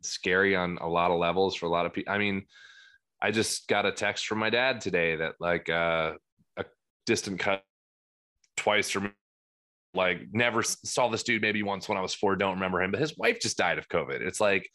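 A man in his thirties with a New Jersey accent talks on a podcast in a loud, rambling way. He keeps restarting his sentences. His voice sits low, but it has a bright, forceful edge. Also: moderate pace. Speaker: podcast guest, musician. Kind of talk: casual podcast chat.

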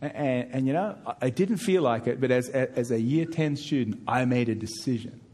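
A middle-aged man preaching a sermon as pastor, emphatic, with frequent repeated words as he pushes key points louder and higher. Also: moderate pace, slightly rough.

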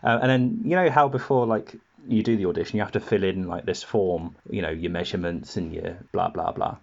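A man's voice: fairly low pitch, fast talker, hardly any pauses, darkish tone, dull audio. A man on a podcast, telling rambling stories full of laughs and acted-out quotes, in casual chat.

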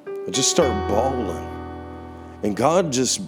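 A young man preaching, telling a personal testimony in an earnest voice that slows down for emphasis. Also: mid-range voice, lively intonation. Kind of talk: sermon testimony. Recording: guitar music playing underneath.

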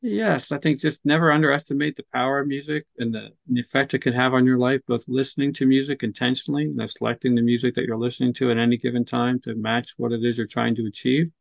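A man chats as a podcast guest in an encouraging, easygoing way. His mid-pitched voice has a gravelly fry to it. The sound is close and dry, with no room around it. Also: fairly even intonation, quick pace, few pauses, no room sound. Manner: chatty, encouraging, acts out kids' voices. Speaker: guest, music nonprofit leader. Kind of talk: casual podcast interview.

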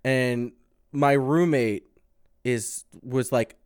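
A man in casual chat, telling a drawn-out story and swearing freely. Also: mid-range voice, steady tone, darkish tone, smooth, dry recording, studio quality.

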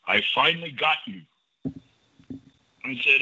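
An older man and former pitcher, a guest in an interview, telling anecdotes in a lively way and acting out the dialogue. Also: unhurried, slightly rough. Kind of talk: storytelling in a casual interview. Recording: dull lo-fi audio.

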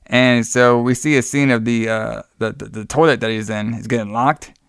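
Gravelly-voiced man casually recapping a movie. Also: medium pitch, steady tone, moderate pace, a bit bright, no room sound, clean studio sound. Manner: rambling, laughing, swears freely. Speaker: podcast co-host.

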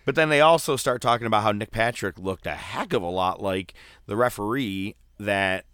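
A man co-hosting a casual podcast, recapping wrestling with animated, mock-dramatic storytelling. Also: fairly low pitch, normal speed, clear, resonant tone, no room sound, clean studio sound. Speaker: podcast co-host.

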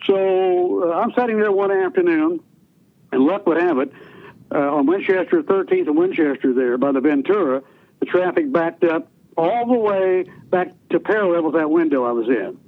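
A man's voice: fairly high pitch, sing-song, normal speed, creaky. Older man on a tinny phone line. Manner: folksy, rambling, many restarts. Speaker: retired radio DJ guest. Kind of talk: storytelling interview.

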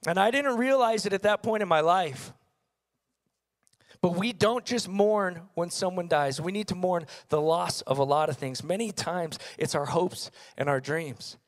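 Young male pastor with a light, high-pitched voice and earnest storytelling delivery. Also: measured pace. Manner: earnest storytelling, rhetorical questions. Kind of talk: sermon.

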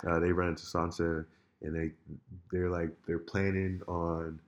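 A man in casual chat, telling a story in an animated, rambling way with many restarts. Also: low-pitched, measured pace.

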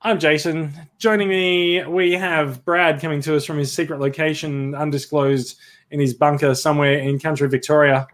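An Australian man hosting a podcast in easy, joking chat. His voice sits a touch high for a man, and he pokes fun at himself and at the show as he talks. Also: steady tone, normal speed, fairly bright tone. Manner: jokey, self-deprecating, chatty. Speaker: podcast host. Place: Sydney.

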